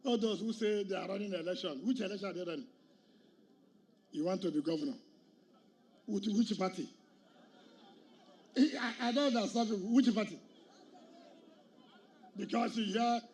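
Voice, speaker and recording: A man's voice: high-pitched, moderate pace, pauses often, darkish tone. A middle-aged man with a Nigerian accent giving a combative public political speech, firing rhetorical questions and challenges at a crowd at an outdoor event. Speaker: state governor.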